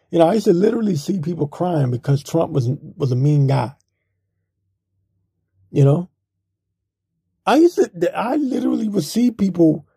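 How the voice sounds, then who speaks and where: Blunt, gravelly-voiced man ranting. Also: a little high, dark tone, dry recording, studio quality. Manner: blunt, rambling, mocking. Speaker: political commentator. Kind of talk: casual opinion monologue.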